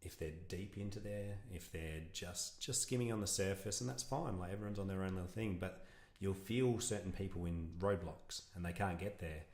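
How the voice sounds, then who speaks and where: A man's voice: deep voice, moderate pace, few pauses, a little mellow, reverberant. A man, a podcast guest talking earnestly and reflectively in a casual interview, rambling with restarts. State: emotional.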